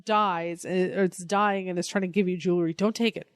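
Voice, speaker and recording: A man's voice: high-pitched, steady tone, fairly quick, clear, resonant tone, dry recording, studio quality. A man co-hosting a casual comic book podcast, sarcastic and wisecracking. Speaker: podcast co-host.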